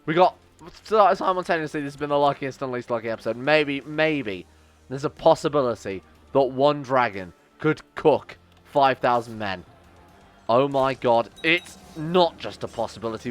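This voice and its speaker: A man giving let's play commentary on a strategy game, exasperated and swearing, swinging between loud outbursts and low grumbles. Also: animated, normal speed, soft background music. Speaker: game streamer.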